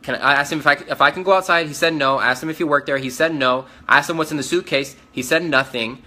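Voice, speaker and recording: A man's voice: on the high side, fast, pushed and bright. A man giving first-person eyewitness testimony, telling it urgently and insistently, acting out the lines of the people he met. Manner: urgent, insistent storytelling with quoted dialogue and restarts. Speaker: eyewitness recounting an event.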